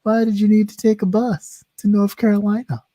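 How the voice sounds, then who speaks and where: A man's voice: high-pitched, flat delivery, fairly quick, warm tone. A man hosting a casual talk show, easygoing, who trails off and repeats himself. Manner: laid-back, trailing off, repeats phrases. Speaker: show host. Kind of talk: casual chat.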